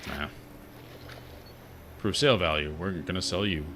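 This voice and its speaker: Deep-voiced man casually commenting on gameplay. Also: measured pace, noisy background. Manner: relaxed, chatty, wry asides. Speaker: gaming streamer.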